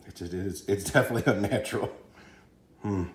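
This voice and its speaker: A man casually reviewing a fast-food sandwich, hesitant and often trailing off while he chews. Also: low voice, slight background noise. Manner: hesitant, trailing off and restarting as he reacts; talks while chewing at times.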